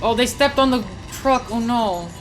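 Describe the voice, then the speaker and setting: A woman's voice: fairly high pitch, moderate pace, faint music behind. Flustered young woman streaming a game. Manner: flustered, joking, exclaiming. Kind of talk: live game commentary.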